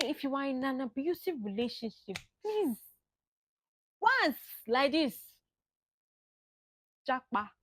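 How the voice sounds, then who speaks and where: A woman's voice: fairly high pitch, darkish tone, no room sound, clean studio sound. Earnest woman giving heartfelt advice. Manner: earnest, exclaiming, mixes local words into English. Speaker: speaker giving a monologue. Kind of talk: impassioned advice monologue.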